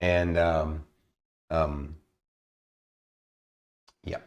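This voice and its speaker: A man's voice: extremely low pitch, level tone, drawn-out words, lo-fi sound. A man narrating as game master on a tabletop game stream, rambling with many fillers and restarts.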